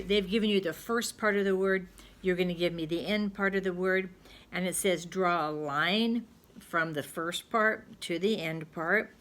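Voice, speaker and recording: A middle-aged woman with a lowish voice teaches a recorded spelling lesson to second graders. She chats slowly and gently, pausing often and using lots of fillers.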